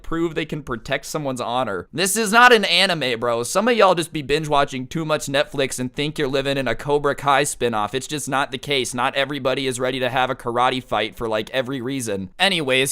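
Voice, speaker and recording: Bright, crisp-voiced young-sounding storyteller man. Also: medium pitch. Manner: animated, slangy, acts out quoted voices. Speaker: storytime YouTuber. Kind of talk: casual storytelling.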